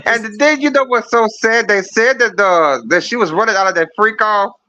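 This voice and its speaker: A man's voice: high-pitched, moderate pace, pushed and bright. A man calling in with a profane, mocking comedic rant, telling stories about a scandal. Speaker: caller. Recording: dull lo-fi dry sound.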